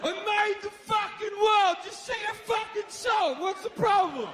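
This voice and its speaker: A man voicing God as a petulant, bigoted figure who shouts and throws tantrums in a stand-up routine. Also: high voice, a little slow, crowd noise, background noise. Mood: ranting. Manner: shouting, indignant. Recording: live hall recording with audience.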